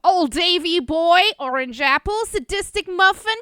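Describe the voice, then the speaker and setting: A woman streamer chats casually with her live audience, laughing easily and swearing in passing. Her voice sits high and sounds bright. She talks at an unhurried pace, and the recording is dry and close. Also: steady tone, no echo. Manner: chatty, laughs often, reads chat names aloud, swears casually.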